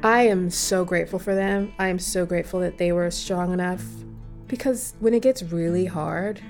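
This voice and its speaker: A woman in casual conversation, telling a personal story in an animated, emphatic way with many fillers. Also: lowish voice, moderate pace, faint music behind. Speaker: partner sharing a personal story.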